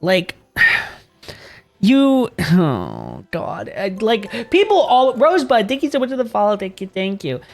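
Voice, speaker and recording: A man's voice: very high-pitched, lively intonation, fairly quick. A man streaming and chatting casually with viewers, rambling, swearing freely and laughing often.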